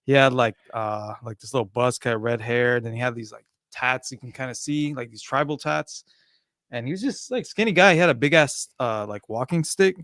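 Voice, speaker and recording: A man co-hosting a podcast, telling a story in a casual, animated, profane way. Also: medium pitch, moderate pace, dry recording, studio quality. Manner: animated, profane storyteller, swings loud and soft. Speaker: podcast co-host. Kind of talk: casual chat.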